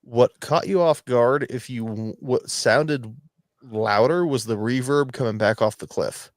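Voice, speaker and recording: A man's voice: medium pitch, measured pace, no room sound, clean studio sound. A man hosting a podcast, rambling and swearing as he tells stories in casual chat. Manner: rambling, profane, storytelling. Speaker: podcast host.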